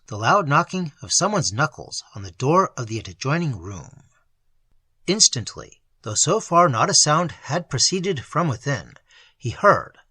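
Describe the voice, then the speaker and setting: Bright, husky male storyteller. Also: medium pitch, dry recording. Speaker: audiobook narrator. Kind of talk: scripted narration of a ghost story.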